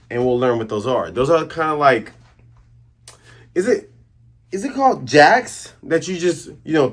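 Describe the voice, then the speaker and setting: A man's voice: fairly high pitch, a bit bright. A man hosting a casual comic chapter review, rambling through the recap and correcting himself as he goes. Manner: rambling, laughs at own voices, self-corrects. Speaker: manga review host.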